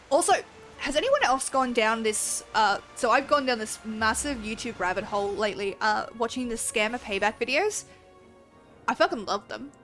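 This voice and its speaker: A woman's voice: a little high, a bit bright, poor audio. A woman with an Australian accent, chatting casually and ramblingly on a game livestream and swearing freely. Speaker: game streamer.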